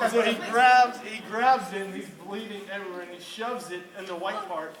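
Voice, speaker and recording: High-voiced male youth preacher, echoey hall. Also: fairly quick, hardly any pauses, a crowd in the background. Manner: animated, laughing storyteller who quizzes listeners. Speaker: youth pastor. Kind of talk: storytelling sermon. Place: hall with a live audience. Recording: roomy, distant, noisy room recording.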